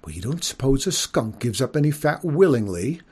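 A man's voice: medium pitch, very animated, moderate pace, darkish tone, breathy edge. A man reading an audiobook, voicing a prim, genteel widowed mother skunk who lectures in a proper manner. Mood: indignant.

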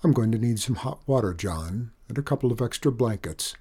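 A man reading a story, voicing an older silver-haired country doctor who speaks in a steady, reassuring way. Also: mid-range voice, a little fast, breathy edge. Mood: calm.

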